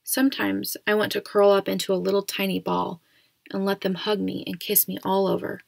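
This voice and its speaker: Casting: female audiobook reader, steady, slight vocal fry. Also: medium pitch, fairly quick, no echo. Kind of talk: storybook narration.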